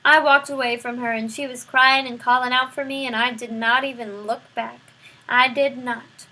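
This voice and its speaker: A woman's voice: a little high, fairly even intonation, normal speed, pushed and bright, low-quality recording. Woman reading a guilt-ridden dungeon prisoner. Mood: remorseful.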